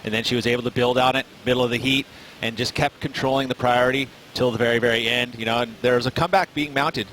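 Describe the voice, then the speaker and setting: A man with a mid-pitched voice who talks very fast, breaking down the tactics of each heat on a sports post-show. He pads his points with loose fillers as he thinks aloud. Faint noise sits behind him. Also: steady tone, a bit bright, rough recording. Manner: analytical, many "I mean" and "kind of" fillers. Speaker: surf commentator, former big wave champion.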